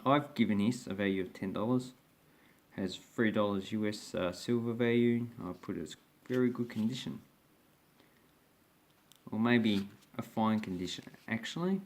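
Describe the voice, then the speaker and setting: A man with a fairly low voice walks through his coins one by one in a relaxed home video. He weighs up each grade out loud, musing and correcting himself as he goes. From Australia. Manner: thinks aloud while grading coins. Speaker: coin collecting video host. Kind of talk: casual coin review narration.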